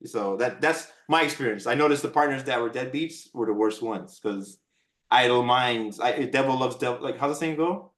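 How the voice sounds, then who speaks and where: A man's voice: mid-range voice, moderate pace, fairly bright tone. A man in casual chat, easygoing and agreeable, giving upbeat life advice. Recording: echoey room sound.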